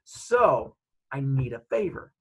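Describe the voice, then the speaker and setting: A man's voice: medium pitch, very animated, slow, vocal fry, a bit bright, husky, heavily acted, low-quality recording. A man quoting a reckless, pushy young male college partier in an eager, wheedling way. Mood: coaxing.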